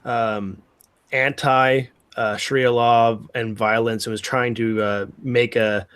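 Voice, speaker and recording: A man's voice: mid-range voice, level tone, slow pace, a bit bright, clean tone. A man chatting casually on a livestream, rambling through a point with fillers and restarts.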